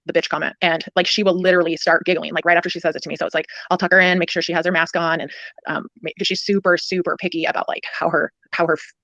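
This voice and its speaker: A woman's voice: fairly low pitch, a bit bright, no echo. A woman calling in, telling a sympathetic story about caring for her mother. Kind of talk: casual phone-in chat. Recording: dull, dry call audio.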